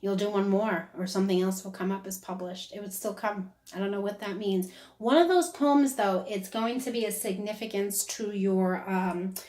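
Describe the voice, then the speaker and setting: A woman's voice: mid-range voice, normal speed, darkish tone. A woman giving a casual psychic reading who talks on and on and keeps checking "is that correct?". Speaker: psychic medium. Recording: roomy echo.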